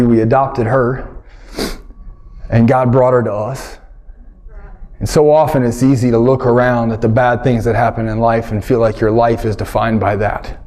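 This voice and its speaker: A middle-aged male comedian tells a story on stage. He talks in an animated way and acts out the scenes with big vocal swings. His pitch sits in an average male range. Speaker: stand-up comedian. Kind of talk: stand-up storytelling.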